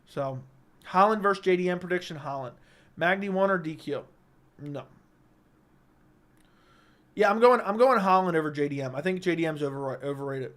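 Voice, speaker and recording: Reading out viewer comments on his livestream, a blunt man with a high voice delivers fast, opinionated judgments. His tone is expressive and fairly bright, picked up by a studio mic in this casual chat.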